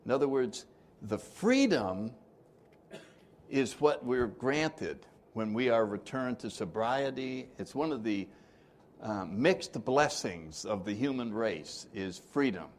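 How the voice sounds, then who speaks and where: Animated joking older man. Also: medium pitch, slow. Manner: joking, conversational, asks the audience questions. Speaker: recovery workshop speaker. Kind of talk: informal recovery talk.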